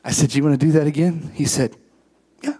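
A man, preaching and telling a story, acting out quoted dialogue in a lower voice and rising to high, emphatic peaks. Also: steady tone, fairly quick, warm tone. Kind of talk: sermon storytelling.

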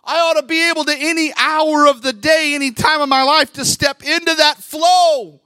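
A middle-aged male pastor preaching a Pentecostal sermon into a microphone in a church, talking conversationally and then swelling into loud, fervent bursts. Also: very high-pitched, steady tone, moderate pace, no echo, clean studio sound. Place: church sanctuary. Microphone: handheld microphone at the pulpit.

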